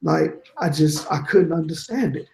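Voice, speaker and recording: Gravelly man telling a candid story. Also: a little high, a little slow, reverberant, a little hiss or hum, poor audio. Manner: candid, animated storytelling with quoted dialogue. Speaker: guest, certified network engineer. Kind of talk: casual interview storytelling.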